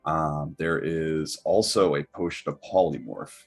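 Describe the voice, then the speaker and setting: A man with a very low, husky voice runs a tabletop game as its game master. He talks hesitantly, with many fillers and restarts, and soft music plays behind him. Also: steady tone, a little slow.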